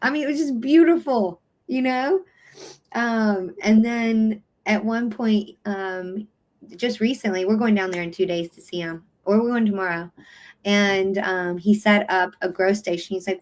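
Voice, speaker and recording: A woman guest in a casual livestream conversation, telling stories with warm enthusiasm and open emotion. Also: medium pitch, a little slow.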